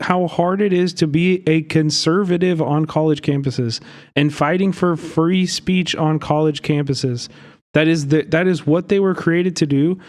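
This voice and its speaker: A man's voice: a little high, a little mellow. A young man streaming live, giving heated, rambling commentary and swearing often.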